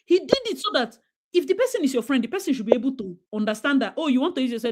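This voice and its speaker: A woman's voice: sits high, expressive, very fast, darkish tone. A woman with a Nigerian accent talking emphatically in a casual discussion, slipping into Pidgin and acting out what parents say. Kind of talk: casual talk-show discussion.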